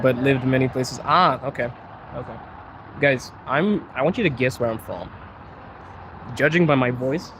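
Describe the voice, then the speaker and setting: A young Zimbabwean man live-streaming from a city street, chatting casually with viewers and laughing often. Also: mid-range voice. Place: outdoors on a city street by trains. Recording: outdoor street noise.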